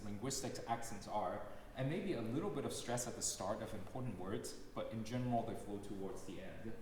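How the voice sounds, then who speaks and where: A man giving a lecture recital as a pianist, explaining in a measured way with frequent ums and uhs. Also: mid-range voice, a little hiss or hum. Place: concert hall. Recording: very echoey hall recording.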